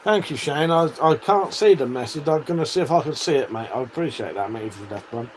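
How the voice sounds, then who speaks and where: A man's voice: a little high, animated, a little fast, slight background noise, low-quality recording. A man hosting a casual livestream, reading out viewer messages and chatting back in a sweary, matey way with frequent laughs. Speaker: livestream host.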